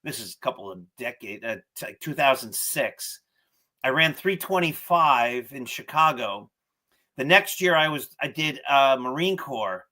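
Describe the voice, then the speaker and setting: A man's voice: fairly high pitch, moderate pace. A middle-aged man hosting an interview podcast, chatting casually and laughing as he tells stories. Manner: animated, laughs while telling stories. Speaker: podcast host.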